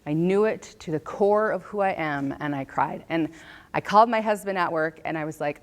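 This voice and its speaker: A woman's voice: fairly low pitch, normal speed. A woman in her thirties telling her own story to an audience, earnest and repeating key phrases for emphasis. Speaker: author and speaker.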